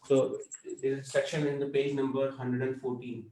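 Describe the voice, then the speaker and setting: A man's voice: medium pitch, level tone, moderate pace, mellow, reverberant, slight background noise, rough recording. A man teaching a language class, explaining patiently and checking in with students often. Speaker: Hindi teacher.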